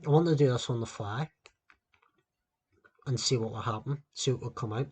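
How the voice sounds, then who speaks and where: A man's voice: medium pitch, moderate pace, darkish tone, breathy edge. A man hosting a solo podcast, ranting and rambling with constant swearing into a laptop mic. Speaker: podcast host.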